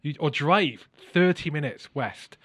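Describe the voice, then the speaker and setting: A man hosting a casual interview, animated and telling stories, sometimes swearing and mimicking with loud exclamations. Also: a little high, measured pace, no echo. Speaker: podcast host.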